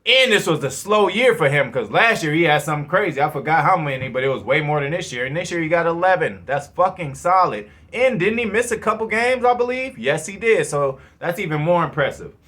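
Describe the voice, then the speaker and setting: A man in his thirties runs his own football fan channel, talking in a loose and rambling way with plenty of swearing. His voice sits a bit high and sounds bright and forward, and he keeps the casual commentary animated. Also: fairly quick, hardly any pauses. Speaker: sports fan channel host.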